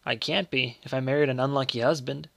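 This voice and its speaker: A man voicing a weary mother who answers slowly and bitterly. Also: medium pitch, steady tone, vocal fry, fairly bright tone, dry recording, clean studio sound. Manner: slow, bitter replies.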